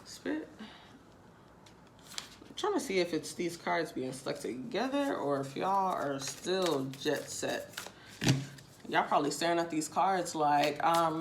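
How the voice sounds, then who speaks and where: Low-voiced woman chatting through a tarot reading. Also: animated, slow, pauses often, background noise. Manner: chatty, repeats phrases, casual swearing, addresses viewers directly. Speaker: tarot reader. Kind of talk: casual tarot reading to viewers.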